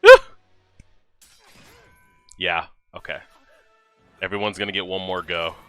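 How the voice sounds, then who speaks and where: A man hosting an anime reaction video, talking casually and excitably, swearing and talking back at the screen. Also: sits low, normal speed, smooth, dry recording, studio quality, soft background music.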